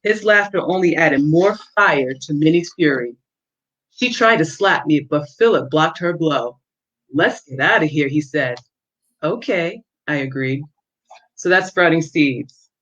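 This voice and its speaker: A woman's voice: low-pitched, measured pace. Woman author reading her story, lo-fi. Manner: steady, expressive storytelling. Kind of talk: reading her novel aloud on a livestream. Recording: dull lo-fi audio.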